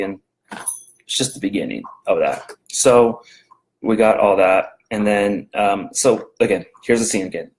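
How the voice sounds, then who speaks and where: A man's voice: fairly low pitch, normal speed, a little mellow, rough recording. A man giving a casual daily Bible verse talk from home, rambling and conversational, with many fillers and restarts. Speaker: devotional video host.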